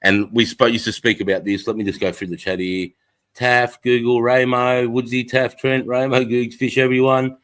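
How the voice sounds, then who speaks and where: A man's voice: medium pitch, little pitch movement, normal speed, fairly bright tone, low-quality recording. A middle-aged Australian man hosting a casual live stream from his front porch, easygoing and sweary, greeting viewers by name. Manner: laid-back, sweary, greets chat by name. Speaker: livestream host.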